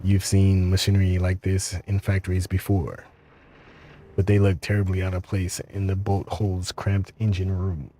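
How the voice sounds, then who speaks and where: A man reading a video game's text aloud, slowly and with some stumbles. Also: sits low, monotone, warm tone, slight background noise. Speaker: game reader.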